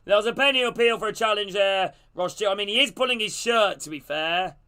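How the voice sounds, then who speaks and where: A man streaming a live football watch-along, calling the play and greeting his chat in a casual, excitable way. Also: high voice, fast talker, clean tone. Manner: casual, greets chat between plays, gets loud and excited on attacks.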